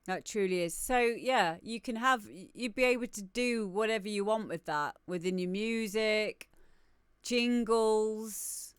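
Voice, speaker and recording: A woman's voice: medium pitch, measured pace, smooth, dry recording, clean studio sound. A woman with a British accent hosting a live music stream, chatting casually as she reacts to a video. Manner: easygoing, reacting aloud to a video.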